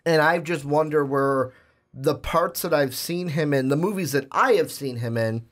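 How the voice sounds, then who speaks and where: A young man with a slightly high, somewhat bright voice co-hosts a casual podcast about movies, speaking at a moderate pace. He rambles at length, restarting often and leaning on fillers, before building up to pointed questions.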